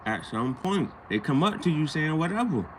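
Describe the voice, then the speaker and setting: A man's voice: a little high, normal speed, slight background noise. A man vlogging in a casual, slangy storytelling chat, acting out the people he talks about. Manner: animated, slangy, acts out quoted people.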